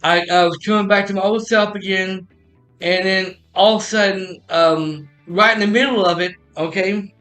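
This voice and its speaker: A man's voice: sits high, fairly even intonation, moderate pace, bright, forceful tone, faint music behind. A man telling a personal story in a casual, rambling way, often restarting and repeating "I said.".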